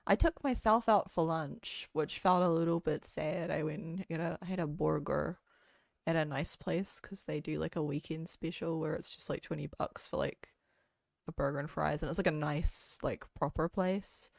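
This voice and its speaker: Kiwi woman late 20s, chatty rambly streamer, lots of vocal fry, super dry sound. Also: deep voice, moderate pace, a little mellow, dry recording. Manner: rambling and chatty, full of "like" fillers. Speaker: VTuber streamer. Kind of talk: casual chat stream.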